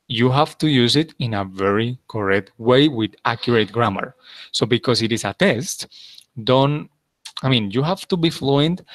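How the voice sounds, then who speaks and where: A man's voice: medium pitch, dry recording. A man teaching an English class, patiently repeating his instructions and checking in with his students.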